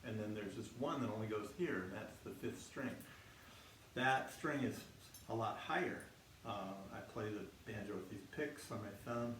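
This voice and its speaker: A man teaching a children's music class explains things simply, in a friendly way with many restarts. His lowish voice moves at normal speed, picked up from a distance by a single microphone near his instrument, in an echoey room with loud instrument music behind and slight background noise.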